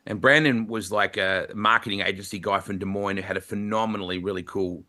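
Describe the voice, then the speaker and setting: A man's voice: on the low side, brisk. A middle-aged Australian man, a motorsport commentator, telling stories in an interview and slipping into playful voices. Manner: animated anecdotes with playful voices. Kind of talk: storytelling interview answers.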